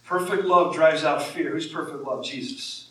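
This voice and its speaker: A man's voice: fairly high pitch, normal speed, bright, forceful tone. A man, a pastor, preaching a sermon in a conversational way that rises when he quotes scripture. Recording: echoey room from far off.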